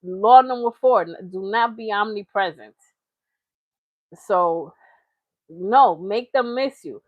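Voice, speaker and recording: A woman's voice: medium pitch, slow, dry recording, phone-quality sound. A woman hosting a reaction channel, talking in casual, chatty commentary with frequent laughs. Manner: chatty, laughing, slips into mocking impressions.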